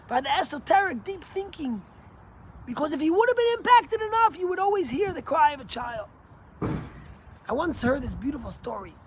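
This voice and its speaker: A man, a rabbi, giving a short inspirational sermon as an earnest storyteller who drops low and soft for the moral. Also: slight background noise.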